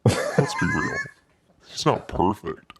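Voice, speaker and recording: A man's voice: on the high side, huge pitch swings, slow pace, noisy background, pitched above the performer's own voice, exaggerated voice. A man voicing his own stern, nagging inner taskmaster who scolds bluntly. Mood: smug.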